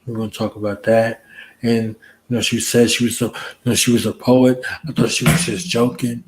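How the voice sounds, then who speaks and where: A man's voice: medium pitch, little pitch movement, a little fast, slight background noise, rough recording. A man hosting a casual late-night livestream chat, joking around in a playful, laid-back way. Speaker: host.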